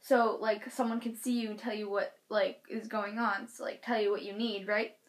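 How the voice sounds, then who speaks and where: A woman's voice: medium pitch, little pitch movement, moderate pace. A young woman telling a personal story in a casual, chatty way, full of filler words. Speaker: vlogger.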